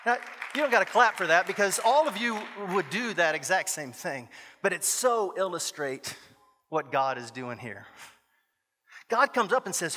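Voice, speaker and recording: High, bright male preacher, animated storyteller in a reverberant chapel. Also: normal speed. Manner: animated, joking asides, dramatic quoted voices. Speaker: guest chapel speaker, former youth pastor. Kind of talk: storytelling sermon. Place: university chapel. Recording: echoey hall.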